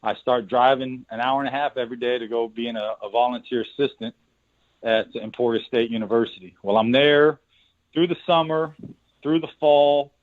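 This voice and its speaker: A man's voice: medium pitch, fairly even intonation, moderate pace. A middle-aged man, a basketball coach, telling his career story in a casual interview, rambling and restarting his words. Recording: tinny phone-line sound.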